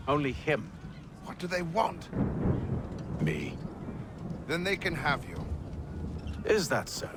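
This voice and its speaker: An actor playing a terse ship captain in a video game cutscene, arguing and barking orders. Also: male voice, medium pitch. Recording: game audio under loud noise.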